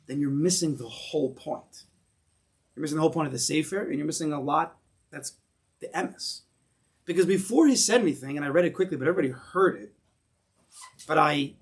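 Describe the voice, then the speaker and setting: An American rabbi gives a Torah class to his congregation in a synagogue. His voice sits a little high for a man. He talks in an animated way, asks rhetorical questions and acts out the voices in people's heads.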